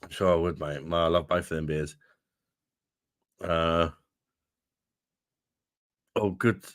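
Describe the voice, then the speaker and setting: Deep-voiced London man, laid-back banter. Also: steady tone, slow, fairly bright tone, no echo, clean studio sound. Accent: London English. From London, England. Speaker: host of a beer review livestream. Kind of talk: casual livestream chat reading viewer comments.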